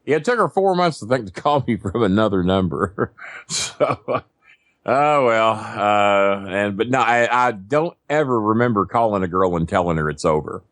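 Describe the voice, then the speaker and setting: A man's voice: fairly low pitch, lively intonation, moderate pace, a bit bright, dry recording, studio quality. A man, telling crude, self-mocking stories as a podcast guest. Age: 50s. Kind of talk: casual storytelling. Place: not at a desk microphone.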